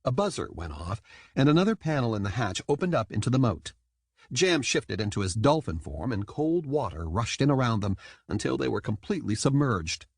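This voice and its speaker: A man reading an audiobook in scripted narration, lively and quick to slip into character voices. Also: mid-range voice, slightly rough, no echo, studio quality.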